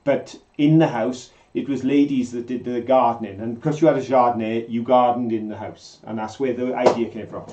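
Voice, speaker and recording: A man's voice: mid-range voice, fairly even intonation, fairly quick, hardly any pauses, warm tone. Chatty man with a dull recording. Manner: chatty, jokey and enthusiastic. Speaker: co-host of a live stream. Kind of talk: casual live-stream chat. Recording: slightly dull lo-fi sound.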